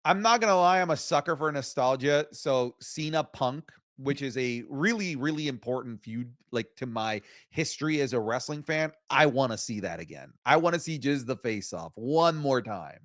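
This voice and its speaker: A man's voice: mid-range voice, normal speed, few pauses, no room sound. Opinionated man co-hosting, dry sound. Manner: opinionated, animated. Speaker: co-host. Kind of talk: casual wrestling review show.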